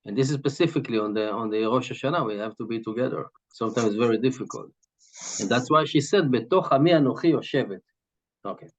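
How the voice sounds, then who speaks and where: A Torah teacher works through a Hasidic text, explaining Hebrew terms in English and repeatedly asking "right?" along the way. He talks fast in a mid-range voice, captured on a dull, lo-fi recording.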